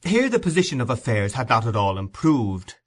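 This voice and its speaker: A man narrating a classic novel as an audiobook in a measured storytelling manner. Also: medium pitch, big pitch swings.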